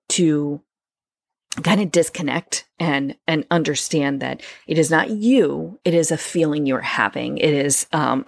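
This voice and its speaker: A woman's voice: sits low, vocal fry, no echo. A woman hosting a solo podcast, talking conversationally with fillers and restarts. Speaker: podcast host.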